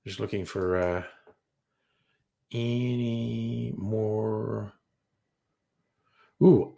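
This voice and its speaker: A man's voice: on the low side, vocal fry, darkish tone. Sardonic man, casual chat. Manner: crude, sardonic and offhand, swears freely. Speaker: streamer. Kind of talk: casual chat reading headlines.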